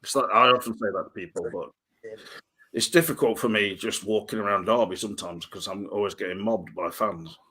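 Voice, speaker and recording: A man cracking deadpan, rambling jokes while co-hosting a casual podcast chat. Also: on the low side, a little fast, breathy edge. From Australia. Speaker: podcast co-host. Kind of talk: casual banter.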